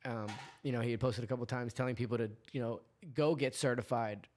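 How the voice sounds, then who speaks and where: A man's voice: medium pitch, steady tone, fast talker, darkish tone. A man hosting a casual interview, chiming in with short remarks and laid-back follow-ups. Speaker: interview host. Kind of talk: casual chat.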